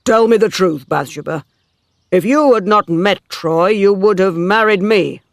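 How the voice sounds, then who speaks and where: A man reader voicing a wounded, jealous farmer who speaks forcefully. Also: sits high, unhurried, vocal fry, dry recording, clean studio sound, pitched above the performer's own voice. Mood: accusing. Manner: forceful, anguished. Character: wounded older male farmer, jealous and intense. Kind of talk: dramatic story reading.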